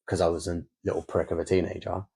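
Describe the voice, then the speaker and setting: A man's voice: low-pitched, little pitch movement, quick pace, creaky, husky. A young man, co-hosting a candid podcast about fatherhood and swearing freely as he talks. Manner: swears freely, re-enacts scenes loudly. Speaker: podcast co-host.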